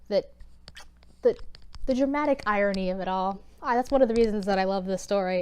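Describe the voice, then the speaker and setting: A woman's voice: medium pitch, a little mellow, clean tone. A young woman in her twenties casually retelling a scripture story to her channel, irreverent and wry. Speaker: YouTuber.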